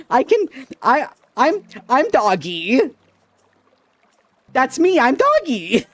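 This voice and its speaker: A man's voice: extremely high pitch, huge pitch swings, very slow, fairly bright tone, no echo. A young man streaming as a VTuber, chatting casually in a giggly, rambling, playful and self-teasing way. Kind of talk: casual livestream chat.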